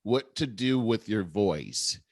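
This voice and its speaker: A man's voice: lowish voice, expressive, slow, no room sound, clean studio sound. A man in his fifties co-hosting a podcast, explaining ideas earnestly in casual conversation, often restarting sentences. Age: 50s. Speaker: podcast co-host.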